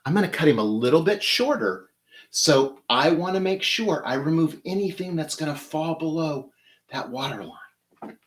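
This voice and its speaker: With a fairly high, animated voice at a moderate pace, a man hosts a flower-arranging demo from his home flower studio. As a florist host, he instructs in an upbeat, enthusiastic manner.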